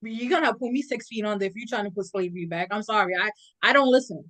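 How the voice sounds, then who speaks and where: A woman's voice: medium pitch, fast, fairly bright tone, low-quality recording. A woman hosting a podcast, giving blunt, outspoken takes in casual chat. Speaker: podcast host.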